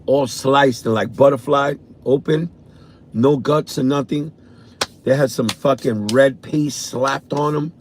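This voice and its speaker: A man with a New York accent, a vlogger telling a profane, animated story from his car on a morning drive. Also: medium pitch, a little slow, a little hiss or hum. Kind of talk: casual storytelling.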